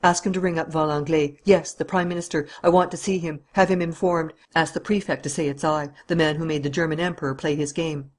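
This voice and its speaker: A husky-voiced man playing a masterful gentleman thief who shouts and gives curt commands in an audiobook. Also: fairly high pitch, steady tone, a little fast, few pauses, lightly acted. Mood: curt, commanding. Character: bold gentleman thief, adult male, masterful.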